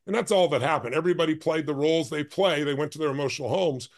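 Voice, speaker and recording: A man's voice: on the high side, quick pace. Intense, emphatic man telling a story. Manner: emphatic, intense, speeds up in bursts. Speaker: guest, life and business strategist. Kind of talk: storytelling in a podcast conversation.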